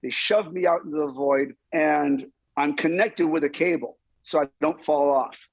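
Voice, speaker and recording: A man with a fairly high-pitched voice speaks at normal speed; the recording is muffled but has no echo. He's a stuntman guest in a storytelling interview, animatedly recounting events and acting out the lines people said.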